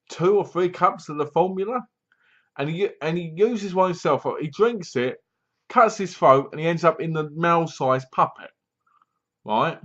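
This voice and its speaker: A man's voice: fairly high pitch, fairly bright tone, lo-fi sound. A man retelling a film's plot in a casual review vlog, rambling along with plenty of fillers. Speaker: film reviewer.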